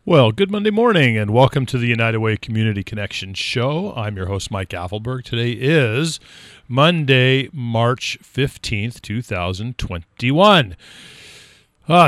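A man's voice: lowish voice, clean tone, no echo. A man hosting a community radio show, talking casually and rambling with many fillers and restarts.

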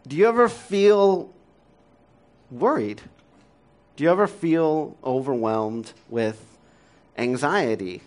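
A man's voice: a little high, lively intonation, slow, pauses often. Man preaching a casual, conversational sermon. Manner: conversational, self-deprecating, frequent laughs and fillers. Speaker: pastor.

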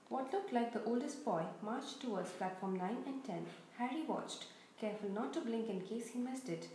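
A woman reads a children's story aloud in an expressive, steady way. Her voice sits somewhat high. The recording has heavy room echo and a faint background hiss. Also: normal speed. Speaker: reader. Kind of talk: storybook read-aloud narration. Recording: very echoey room, faint noise.

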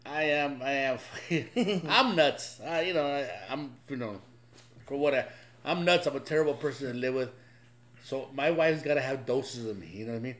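A man's voice: medium pitch, expressive, moderate pace, fairly bright tone. A married man in casual podcast chat, rambling and swearing, stammering as he talks about himself. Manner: rambling, profane, self-deprecating, stammers.

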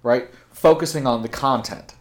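A man's voice: medium pitch, normal speed. Blunt opinionated man chatting. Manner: blunt, opinionated, swears casually. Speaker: podcast co-host. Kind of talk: casual chat.

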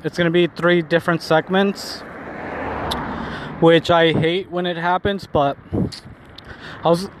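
A young man vlogging while he walks outdoors, rambling casually and saying "like" constantly. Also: on the high side. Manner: rambling, heavy use of "like". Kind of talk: casual walking vlog monologue. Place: outdoors on city streets. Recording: phone recording with clear street noise. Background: street traffic and city noise.

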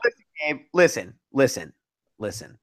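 Pria muda yang suka menggoda, nada hidup. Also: male voice, mid-range voice, sing-song, normal speed, fairly bright tone. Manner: teasing, mock-serious. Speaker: podcast co-host. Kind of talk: casual chat.

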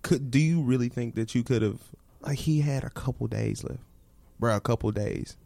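A man's voice: mid-range voice, moderate pace, gravelly, dark tone, no room sound. A man hosting a podcast, talking bluntly and frankly in casual slang. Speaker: podcast host.

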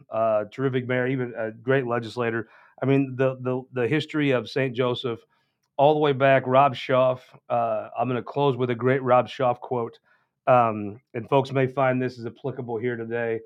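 A man's voice: medium pitch, lo-fi sound. A man hosting a political show, giving a casual, rambling and folksy announcement with many restarts.

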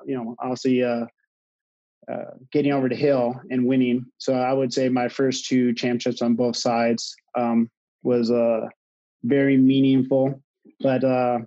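The audio is dull, and the speaker's pitch sits in the middle: a college water polo coach in his thirties telling a live audience about his own experience. Fillers and restarts make him sound halting early on, though he gets more animated.

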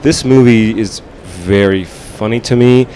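A man's voice: on the low side, measured pace, dark tone, slight background noise. A man hosting a casual movie review chat, teasing his co-hosts with sarcastic banter. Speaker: podcast host.

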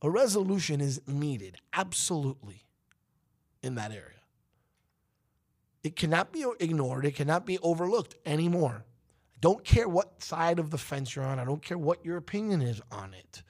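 A man's voice: on the high side, big pitch swings, moderate pace, darkish tone. A man hosting a talk show, delivering an emphatic, preachy opinion monologue that rises to outbursts. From United States.

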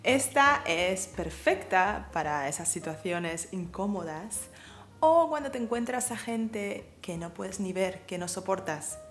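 Lively woman co-hosting a language lesson. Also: medium pitch, normal speed, faint music behind. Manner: lively, asks questions and translates. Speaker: co-host. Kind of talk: casual bilingual lesson chat.

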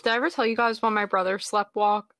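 A young woman casually telling a story to friends, animated and swearing freely. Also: mid-range voice, fast, no echo. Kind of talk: casual chat among friends.

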